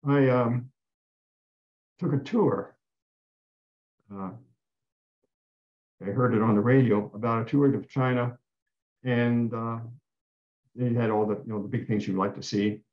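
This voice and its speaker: His voice is mid-range and steady, a little slow, with long pauses. As a guest speaker giving a talk, the man earnestly recounts something personal, frequently restarting and repeating phrases; the recording sounds dull and roomy.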